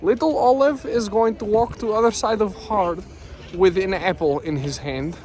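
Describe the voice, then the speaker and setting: A man putting on a deadpan mock-Russian announcer. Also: high-pitched, moderate pace, voice pushed up, natural voice. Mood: mock-serious. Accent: put-on Russian. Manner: flat, announcer-like, broken English. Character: deadpan mock-Russian man explaining a dangerous kids' game.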